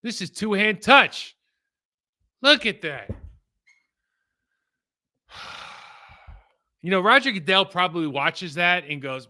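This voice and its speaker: A middle-aged man casually breaking down football game film, animated and rambling with frequent asides. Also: sits high, takes it slowly, pauses often.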